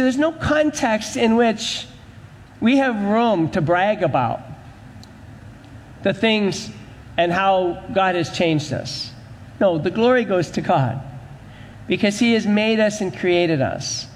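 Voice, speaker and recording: A man's voice: sits high, long reverb tail, slight background noise. A man pastor preaching a sermon in a church, with rhythmic, repetitive emphasis.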